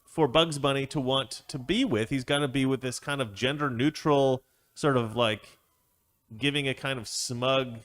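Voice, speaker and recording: A man hosts an opinion commentary with a sarcastic, rambling delivery, stopping often to laugh. His voice sits at an ordinary middle pitch. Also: a little slow. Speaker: commentary host.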